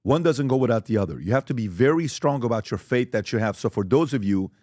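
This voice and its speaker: A man's voice: mid-range voice, animated, fast, darkish tone, dry recording, clean studio sound. A man hosting a podcast, talking casually and with enthusiasm as he plugs merchandise. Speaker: podcast host.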